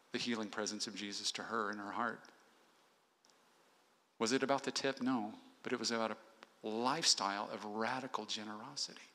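A man's voice: fairly low pitch, vocal fry, pushed and bright. A male pastor preaching an earnest sermon in a church, exhorting the congregation point by point. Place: church sanctuary. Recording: long hall reverb.

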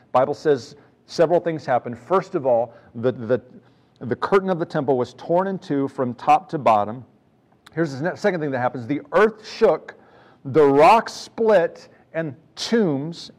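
A man's voice: mid-range voice, a little mellow. A man preaching a sermon in a conversational way, reading scripture with rising emphasis. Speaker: pastor.

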